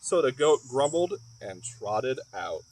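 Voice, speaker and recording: A man's voice: mid-range voice, sing-song, slow pace, darkish tone. A man reading a children's picture book aloud, with playful, chatty asides to the young listeners at home. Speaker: library storyteller. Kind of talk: children's story read-aloud.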